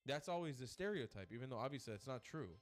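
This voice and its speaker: A man's voice: medium pitch, expressive, quick pace. A man hosting a live stream, giving heated, crude, repetitive ranting commentary on clips.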